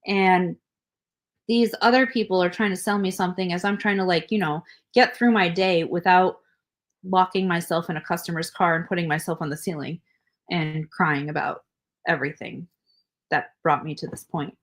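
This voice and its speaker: A woman's voice: lowish voice, steady tone, normal speed. A young adult woman co-hosting a podcast in casual chat, talkative and blunt, swearing and laughing as she tells stories. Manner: chatty, swearing, laughing asides. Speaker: podcast co-host.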